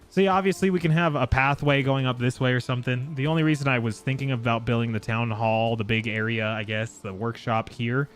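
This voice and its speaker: A man live-streaming a game, chatting casually and excitably with his viewers and swearing freely. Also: mid-range voice. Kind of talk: casual live gameplay chat.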